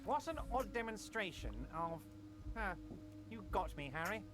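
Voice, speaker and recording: A smug, scheming union boss, put on by a man reading game lines aloud. His voice sits high and swoops all over as he coats every veiled threat in sugary friendliness. Game music plays clearly beneath him. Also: animated, moderate pace. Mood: oily persuasive. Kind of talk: game dialogue read aloud on stream.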